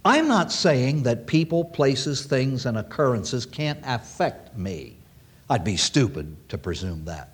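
A man's voice: medium pitch, sing-song, slow pace, slightly rough. A man preaching a sermon to an audience, emphatic and repeating key phrases for weight.

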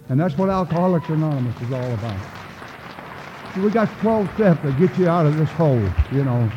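A man's voice: on the high side, expressive, fairly quick, a crowd in the background, noisy background. Older guy sharing his story at a meeting, folksy and plain, sounds like a phone line in a big echoey hall. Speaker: recovery meeting speaker. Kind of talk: personal testimony talk.

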